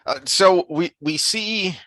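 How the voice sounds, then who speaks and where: A man's voice: high voice, slow, pushed and bright, no echo. A man co-hosting a casual book discussion podcast, thoughtful and full of fillers and restarts, sometimes reading passages aloud. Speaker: podcast co-host.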